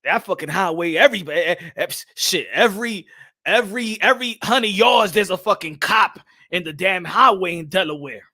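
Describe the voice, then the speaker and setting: High-pitched hype guy on a boxing stream, super bright voice, yelling shout-outs n cursing. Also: expressive, normal speed. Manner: loud, hyped, profane, frequent shouting; drops Spanish phrases. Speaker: boxing channel host. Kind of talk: live-stream commentary and viewer shout-outs.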